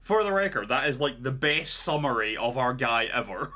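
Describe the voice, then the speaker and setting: A male podcast co-host telling a long story in loose, casual chat. His voice is bright and forceful, in a middle pitch range. He rambles and leans on fillers like "like" and "right?". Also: lively intonation, moderate pace.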